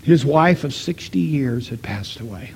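A middle-aged man preaching a sermon, telling a story and voicing the people in it, swinging from loud to hushed. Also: mid-range voice, lively intonation, measured pace, gravelly, husky. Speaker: pastor.

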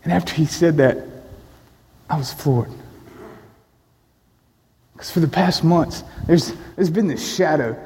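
A man preaching a sermon, telling a personal story in an earnest way with pauses. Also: fairly high pitch, mellow. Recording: long echo of a large hall.

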